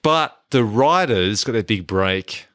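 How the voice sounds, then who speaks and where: A man's voice: on the low side, animated, takes it slowly, a bit bright, no room sound, clean studio sound. A man co-hosting a casual film podcast, running the segments with wry jokes. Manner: runs the segments, wry and joking. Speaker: podcast co-host. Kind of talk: casual chat.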